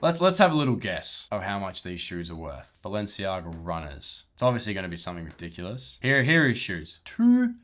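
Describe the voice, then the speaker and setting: A man with a fairly low voice gives casual running commentary while editing photos. He is blunt and profane and mocks what he sees. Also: sing-song, a little fast, hardly any pauses, fairly bright tone. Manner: blunt, profane, mocking humor; laughs at own jokes. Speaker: photographer roasting viewer photos.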